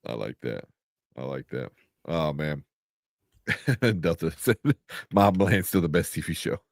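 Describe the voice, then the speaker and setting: A man's voice: a bass voice, expressive, measured pace, vocal fry, dry recording, clean studio sound. A man co-hosting a live entertainment news show, chatting casually and laughing as he reads out viewer comments. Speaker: podcast co-host. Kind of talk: casual chat.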